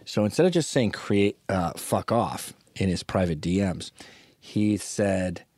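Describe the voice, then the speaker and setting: A man's voice: deep voice, lively intonation, a little slow, darkish tone, dry recording, studio quality. A man hosting a podcast, talking alone in a sarcastic, crude, rambling way. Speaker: podcast host. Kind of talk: casual podcast monologue.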